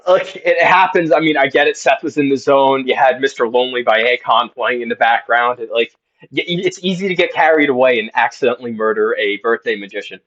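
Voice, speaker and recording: A man's voice: mid-range voice, brisk, fairly bright tone, dull audio. A man co-hosting a comedy video, recounting an absurd story in a dry, matter-of-fact way. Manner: dry, matter-of-fact, feeding straight lines. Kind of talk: deadpan mock apology, improvised comedy.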